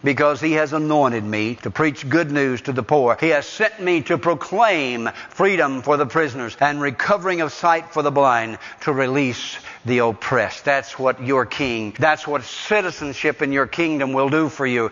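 A man preaching a sermon as pastor at a church service, building to rising, insistent peaks and dropping into quick asides. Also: medium pitch, fairly bright tone, big-room sound, dull audio.

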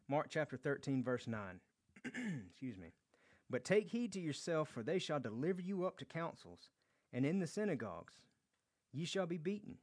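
A man leading a verse-by-verse Bible study, reading scripture aloud and explaining it in a conversational way, often repeating words and restarting phrases. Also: on the high side. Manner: reads scripture aloud, then explains it conversationally with acted quotes. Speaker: Bible teacher.

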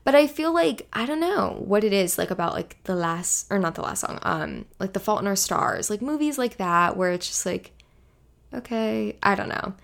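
A woman's voice: mid-range voice, lively intonation, moderate pace, gravelly, a bit bright. A young woman in her twenties hosting a solo podcast, rambling casually with lots of filler words. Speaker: podcast host. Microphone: podcast microphone.

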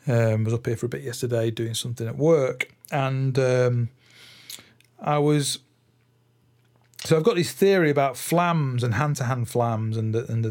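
A man's voice: medium pitch, a little mellow. A middle-aged man, a drum teacher, chatting casually on his podcast, rambling and thinking aloud with fillers and restarts, sometimes counting out drum patterns. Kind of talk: casual solo podcast chat.

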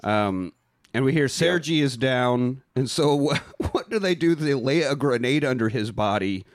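A man's voice: medium pitch, lively intonation, measured pace, no room sound, studio quality. A man co-hosting a podcast, casually recapping a movie and acting out lines for laughs. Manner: jokey, recaps scenes with put-on quotes. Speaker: podcast co-host.

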